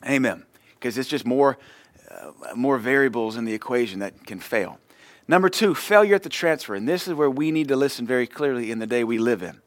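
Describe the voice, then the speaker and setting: Expressive and a little fast, a mid-range male voice preaches a sermon with no room sound. The pastor keeps it conversational, acting out short exchanges from everyday life.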